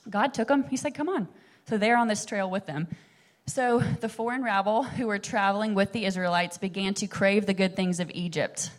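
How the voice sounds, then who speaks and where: A young woman giving a casual, chatty Bible teaching, full of fillers and asides. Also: mid-range voice. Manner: chatty, animated, many fillers like "like" and "um". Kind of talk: casual sermon-style teaching.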